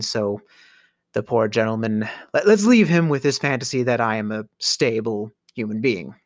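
Wry, animated male storyteller. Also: mid-range voice, no room sound. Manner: dry, self-mocking, wry asides. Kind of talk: comic storytelling monologue.

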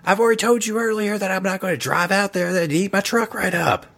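Picture a frantic male government agent yelling over roaring helicopters, his voice strained and pitched up. A man acts him out in a tabletop game. He sounds urgent and rattled. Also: brisk, vocal fry, heavily acted. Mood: exasperated. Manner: urgent, shouting over noise. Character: agitated middle-aged male government agent.

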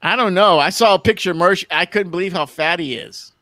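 A man with a high, bright, edgy voice rants to his stream chat, tripping over and repeating words as he mocks people. The sound is close and dry, with no room around it. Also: brisk, no echo. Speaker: livestream co-host. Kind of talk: casual ranting stream chat.

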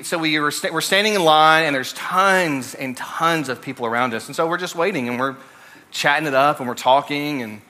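A man's voice: on the high side, bright, forceful tone. A young man from Alabama with a Southern accent, preaching a casual, story-driven sermon full of fillers and restarts. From Alabama, USA. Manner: conversational, many fillers and restarts.

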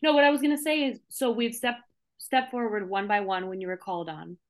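A young woman from the Midwest, a guest actor on a podcast, telling a story in a lively, emphatic way. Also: mid-range voice, a little fast. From Minnesota, USA. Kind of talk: casual podcast interview.

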